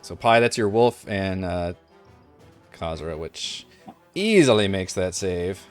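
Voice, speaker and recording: A man's voice: deep voice, slow pace, faint music behind. A man running an online tabletop game as game master, talking casually and thinking aloud with many fillers.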